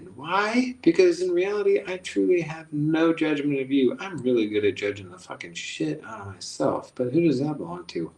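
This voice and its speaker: A man's voice: fairly high pitch, expressive, moderate pace, hardly any pauses, a little mellow. A man hosting a casual guided self-help session, who talks in a playful, rambling, jokey way and repeats phrases. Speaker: host. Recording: echoey room.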